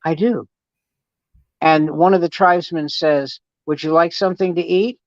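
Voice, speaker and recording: A man's voice: a little high, fairly even intonation, normal speed, no room sound. A man, a guest comedian, telling jokes and stories in a wisecracking way on a casual podcast. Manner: wisecracking storyteller. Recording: dry, dull lo-fi sound.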